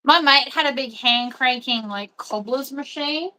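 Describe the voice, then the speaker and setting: A woman's voice: sits high, unhurried, sharp tone. A woman chatting casually and rambling while she sews. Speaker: sewing host. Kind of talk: casual chat while sewing.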